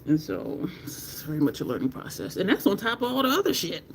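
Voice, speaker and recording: A woman's voice: mid-range voice, huge pitch swings, fairly quick, slight background noise. A teary woman, chatting candidly on a makeup livestream, swearing casually and thanking viewers in chat. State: teary, near crying.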